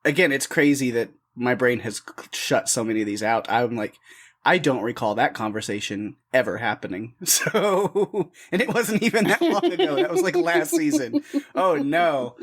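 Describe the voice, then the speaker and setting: Giggly man with a lively swinging voice. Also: on the high side, normal speed. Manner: giggly, self-deprecating, laughs through his words. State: laughing to tears. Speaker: podcast co-host. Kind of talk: casual podcast chat.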